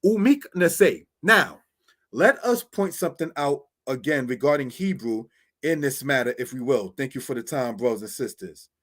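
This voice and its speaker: A man teaching Bible Hebrew in a slow, repetitive way, often asking "all right?" and calling listeners brothers and sisters. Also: medium pitch, lively intonation, a bit bright. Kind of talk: screen-share Hebrew lesson.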